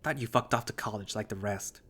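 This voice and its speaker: A small male bat, an old bully who talks blunt and crude, as a man voices him. His voice sits low. He comes from a spoken visual novel reading. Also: a little fast, a bit bright, husky. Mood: gruff.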